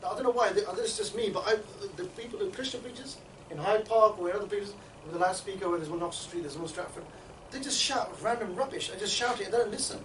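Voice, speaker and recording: A man training a group in street outreach, talking in a rapid, chatty way and often checking in with his listeners. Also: high-pitched, fairly bright tone, a little hiss or hum. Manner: rapid, chatty, keeps checking in with "yeah?" and "right?". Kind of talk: instructional group talk. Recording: echoey room, mic at a distance.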